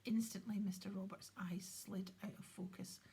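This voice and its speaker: A woman narrating an audiobook in a soft, hushed delivery. The voice is very breathy. She keeps it gentle and low. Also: flat delivery, moderate pace. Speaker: audiobook reader.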